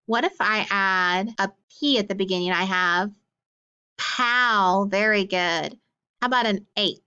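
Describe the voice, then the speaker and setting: A woman teaching a phonics lesson, slowly sounding out words and praising often. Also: mid-range voice, bright, forceful tone, clear, resonant tone, dull audio. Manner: encouraging, slow sounding-out of words.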